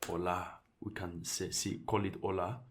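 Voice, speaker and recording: A man casually walking through a software tutorial, thinking aloud and restarting phrases as he clicks through settings. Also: deep voice, flat delivery, moderate pace. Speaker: tutorial presenter. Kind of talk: casual screen-share tutorial.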